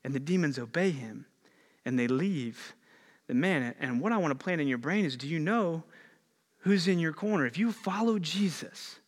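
A male pastor preaches in a lively, conversational way, slipping easily into casual slang as he tells a story. His voice sits a little high for a man. Long reverb from a large church room trails after his words. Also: moderate pace. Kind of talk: sermon. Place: church auditorium.

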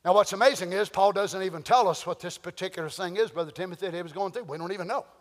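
High-voiced shouting preacher in a reverberant hall. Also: male voice, rapid-fire. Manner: emphatic preaching that swings from hushed to shouting. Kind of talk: sermon.

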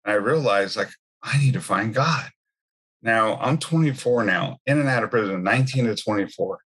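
A man's voice: fairly low pitch, normal speed, a bit bright, breathy edge. A man giving a personal faith testimony in a conversational storytelling way, full of asides. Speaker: speaker sharing his testimony.

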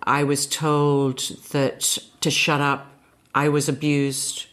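Woman, voice teacher, low-pitched, very slow, deliberate, soft reflective talk. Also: completely flat delivery.

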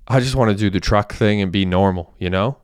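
A volatile young killer, shaken yet scheming, as a man reads him in an audiobook. The voice is low, smooth and clear, recorded close and dry. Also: a little fast, dry recording, close to an everyday voice. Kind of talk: audiobook character voice.

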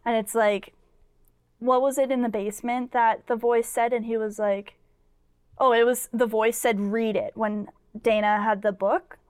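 A woman's voice: a little high, fairly even intonation, measured pace, darkish tone, clean tone, no room sound, clean studio sound. A young woman co-hosting a podcast, retelling a film in a rambling casual chat full of "like" fillers. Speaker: podcast co-host.

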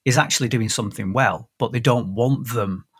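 This fiftysomething podcast host talks casually in a mid-range voice with a breathy edge, fairly quick. He's an animated storyteller who keeps restarting his sentences.

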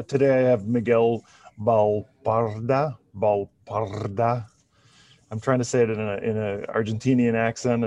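A man hosting a podcast interview, chatting casually with relaxed fillers. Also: on the low side, no echo. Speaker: podcast host.

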